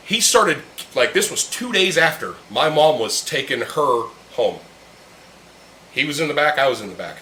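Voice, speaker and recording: A man's voice: medium pitch, very animated, moderate pace, bright, forceful tone. A young man hosting a casual chat, ranting heatedly and swearing constantly while drinking beer with friends in a room. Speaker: podcast host. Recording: echoey room with faint ambient noise.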